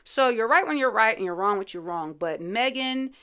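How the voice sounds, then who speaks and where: A woman's voice: fairly high pitch, expressive, moderate pace, sharp tone, clean tone. A woman hosting a casual reality TV recap, chatty and opinionated, full of fillers and asides. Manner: chatty, opinionated, lots of "you know" fillers.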